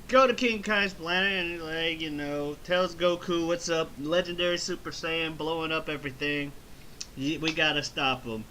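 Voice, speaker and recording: A man's voice: fairly high pitch, normal speed, slight background noise. A man hosting a casual movie review, recapping the plot with profanity and constant acted-out bits. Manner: animated recap, profane, laughing. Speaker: reviewer and host.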